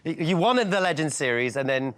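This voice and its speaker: A man's voice: on the high side, expressive, brisk, a bit bright, clean tone, no room sound. A British man hosting a studio chat show, teasing his guests with jokes. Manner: jokey, teasing. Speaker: host.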